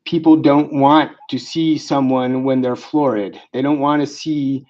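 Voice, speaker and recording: A man's voice: medium pitch, fairly even intonation, measured pace, darkish tone. A man lecturing on psychiatry in a conversational way, with frequent fillers and restarts. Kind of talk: clinical lecture. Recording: dull lo-fi lecture recording.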